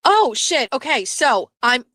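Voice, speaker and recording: A woman's voice: sits high, slow pace, no room sound, studio quality. A woman hosting a casual live stream, telling a story with swearing and acted-out quotes. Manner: animated, swearing, acts out quoted voices. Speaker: host.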